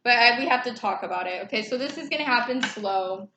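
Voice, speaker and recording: A woman with a slightly high voice talks fast in a casual tarot reading vlog, chatty and loose, swearing and laughing easily. The room is echoey, with faint noise in the background.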